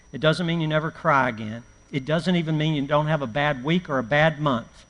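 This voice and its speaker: A middle-aged male preacher with a fairly high voice, teaching a church class in a folksy, storytelling way and poking fun at himself. His voice rings with the long reverb of a church hall on a live stream. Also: highs cut off. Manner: folksy, anecdotal, self-mocking humor. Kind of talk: conversational church class talk.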